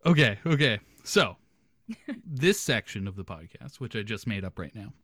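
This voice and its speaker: Young male podcast host, casual storyteller, animated, close dry mic. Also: on the low side, normal speed, breathy edge, no echo. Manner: animated, laughs through his story.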